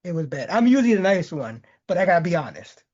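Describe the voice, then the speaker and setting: Brief: halting, giggly co-host, dark mellow tone, dull lo-fi mic. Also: mid-range voice, very animated. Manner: hesitant, stammering, laughs often. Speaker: podcast co-host. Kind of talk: casual chat.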